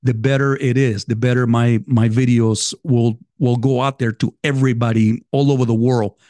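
A man with a foreign accent, talking casually to his viewers as a vlogger, halting and rambling with many restarts. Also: mid-range voice, flat delivery, mellow, no room sound. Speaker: vlogger reading viewer messages. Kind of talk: casual direct-to-camera talk.

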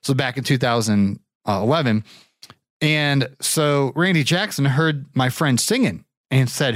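A man spins a long, wandering personal anecdote in an easy, chatty way, his voice at an ordinary middle pitch. He often climbs higher as he mimics other people. The sound is dry, with no room echo. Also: measured pace. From Ohio. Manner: rambling, animated, pitches up for quoted voices. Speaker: show regular telling a story. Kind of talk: casual storytelling.

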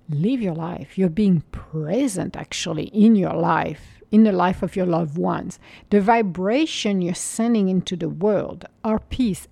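Woman, gravelly voice, calm reflective talk, soft whispers, dry close sound. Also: lowish voice, no room sound. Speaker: mindfulness speaker. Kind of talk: reflective spiritual monologue.

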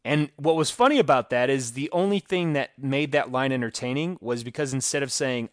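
A man riffs on a movie he disliked and pokes fun at it. He acts out the characters' lines in a lively voice of middle pitch. The recording is close and dry, with no room sound. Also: moderate pace, few pauses, dry recording. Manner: animated, mocking, acts out quotes. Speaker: podcast co-host. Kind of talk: casual movie review chat.

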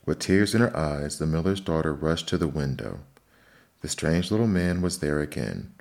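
Male storyteller, very low voice, measured fairy-tale narration. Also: expressive, gravelly, a little mellow.

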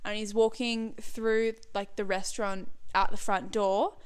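A young woman, a podcast guest, telling animated stories in casual chat and swearing freely. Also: mid-range voice, a little slow, clear, resonant tone.

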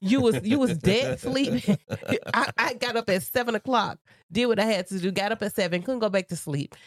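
A woman's voice: medium pitch, moderate pace, no room sound, clean studio sound. A woman with a cold co-hosting a podcast in casual chat, reproachful and talking over her partner. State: sick with a cold. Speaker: podcast co-host.

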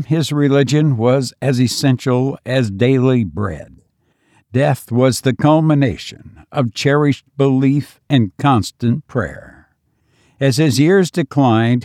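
A man reading a story aloud in measured, solemn scripted narration. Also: mid-range voice, a little mellow, no room sound, studio quality. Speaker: audiobook narrator.

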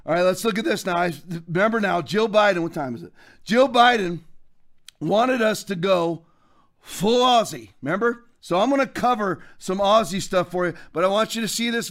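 Fiery high-voiced male podcast host. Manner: fiery, shouting, preacher-like. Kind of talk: political commentary.

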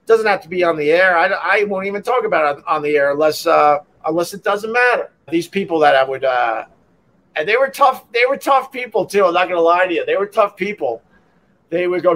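A man tells stories in a loose, rambling podcast chat, his voice sitting a little high for a man. He keeps stopping and restarting, then launches into quick imitations of the people in his stories. He sounds like a seasoned radio host who is comfortable just talking. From Long Island, New York. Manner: rambling, animated, acts out voices in quotes. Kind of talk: casual storytelling podcast.

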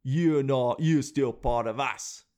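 A man's voice: medium pitch, slow, a little mellow, natural voice. A man voicing England as a stern, bossy figure, with a mock British accent that slides toward Australian. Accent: mock British drifting Australian. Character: England personified, stern old colonial power.

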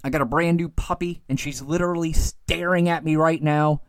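A man hosting his own podcast, ranting in a casual, animated way about politics and calming down for his sign-off. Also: a little high, normal speed, no room sound. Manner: animated, ranting, gets worked up then calms. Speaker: podcast host. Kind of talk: solo political commentary podcast.

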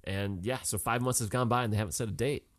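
A man co-hosting a podcast, chatting casually and retelling scenes with animated asides. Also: on the low side, fast talker, no echo, clean studio sound. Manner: chatty, many fillers and restarts, animated retelling. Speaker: podcast co-host. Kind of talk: casual chat recapping a TV show.

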